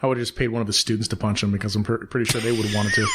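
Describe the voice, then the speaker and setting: Wry male podcaster, lively pitch. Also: brisk, heavy background noise. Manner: wry, short joking interjections. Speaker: podcast co-host. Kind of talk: casual comedic podcast chat.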